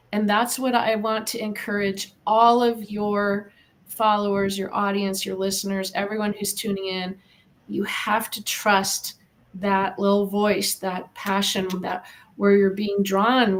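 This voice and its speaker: A woman's voice: mid-range voice, a bit bright. A middle-aged woman from the United States, a guest in an interview, speaking earnestly and encouragingly about her own path. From Eastern Washington, US. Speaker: guest, animal communicator. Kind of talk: podcast interview.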